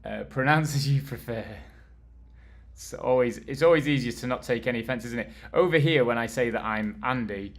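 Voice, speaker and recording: A man's voice: mid-range voice, moderate pace. Chatty British man streaming a furniture build. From United Kingdom. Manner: chatty and rambling, laughs easily. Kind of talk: casual live-stream chat.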